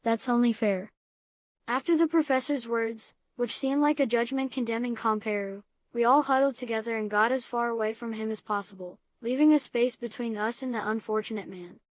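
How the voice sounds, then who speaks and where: A woman's voice: fairly high pitch, a little fast, few pauses, no echo. Woman reading a classic novel aloud. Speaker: audiobook reader.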